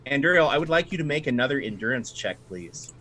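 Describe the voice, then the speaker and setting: A man narrating as dungeon master, animated and quick, shifting between tense description and playful banter. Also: medium pitch, very noisy. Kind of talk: narrating a tabletop game.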